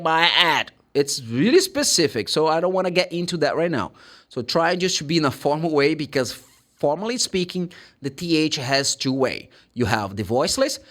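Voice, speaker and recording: A man with a Brazilian Portuguese accent gives an English pronunciation lesson, his pitch swinging widely up and down as he explains. He demonstrates the sounds himself and acts out the questions students tend to ask.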